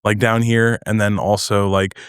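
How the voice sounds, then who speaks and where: A man's voice: fairly low pitch, flat delivery, normal speed, smooth, no echo, studio quality. A young man from North New Jersey, a comedian guest chatting casually on a podcast, rambling and hesitant with many fillers.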